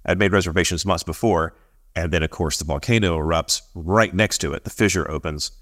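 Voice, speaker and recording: A man co-hosting a podcast, telling a story in casual chat, animated, acting out the voices of the people he quotes and laughing often. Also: sits low. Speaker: podcast co-host.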